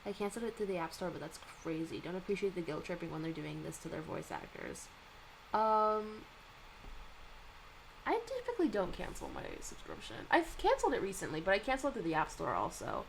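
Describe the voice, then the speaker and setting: A woman's voice: lowish voice, a little fast, creaky, slight background noise, poor audio. A young woman chatting casually as she reacts to things and reads manga, chatty and full of fillers. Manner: animated, chatty, lots of likes and ums. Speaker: streamer reading manga and reacting. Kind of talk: casual chat.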